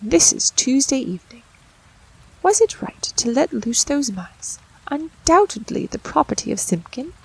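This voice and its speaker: A woman's voice: high voice, big pitch swings, measured pace, vocal fry, voice pushed up, heavily acted. A woman voicing a poor, anxious old male tailor who frets and mutters over his unfinished work. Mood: lamenting. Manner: fretting, lamenting, muttering to himself.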